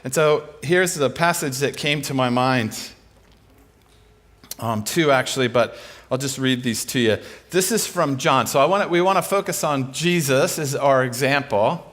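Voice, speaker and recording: A man's voice: mid-range voice, normal speed, a bit bright. A middle-aged man preaching a conversational sermon, informal and humorous, telling stories and often restarting his sentences.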